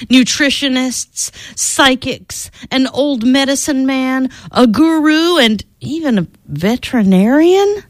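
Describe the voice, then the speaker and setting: A woman reading a children's storybook aloud in an expressive, lilting storytelling manner. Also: on the high side, no room sound.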